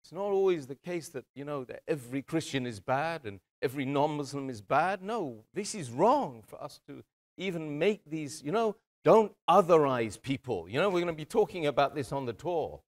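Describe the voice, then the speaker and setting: A man's voice: a little high, animated, moderate pace. A man giving an earnest talk to a community audience, often calling them brothers and sisters. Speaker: speaker addressing a community. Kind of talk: motivational talk.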